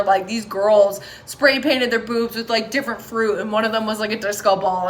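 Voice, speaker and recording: A woman's voice: fairly high pitch, fairly bright tone, a little hiss or hum. A woman giving a casual tarot reading, talking straight to viewers in a candid, chatty way with plenty of swearing. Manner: talks straight to viewers, encouraging. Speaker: tarot reader.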